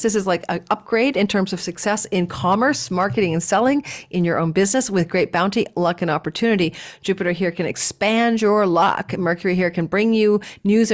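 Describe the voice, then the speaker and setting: A woman giving a casual astrology forecast, talking with a lively up-and-down cadence and chatty asides. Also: medium pitch.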